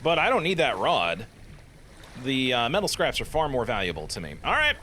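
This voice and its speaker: Animated, jokey man commentating a game. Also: mid-range voice, moderate pace, slight background noise. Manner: animated, jokey, self-deprecating. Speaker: let's play host. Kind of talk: casual gameplay commentary.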